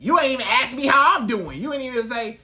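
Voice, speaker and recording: A man giving casual dating advice to the camera, animated and colloquial, repeating his phrases. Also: very high-pitched, quick pace. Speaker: dating coach.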